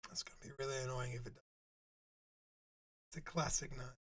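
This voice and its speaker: A man live-streaming in casual chat with his viewers, his voice squeaky and hoarse from a sore throat. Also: fairly even intonation, brisk, a bit bright. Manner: chatty, talks to viewers while setting up.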